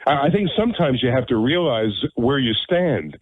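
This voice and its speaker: A man's voice: medium pitch, big pitch swings, normal speed, breathy edge, no room sound. A man hosting a talk radio show, delivering an opinionated monologue in a blunt, emphatic way and repeating phrases for effect. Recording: dry, narrow phone-like radio audio.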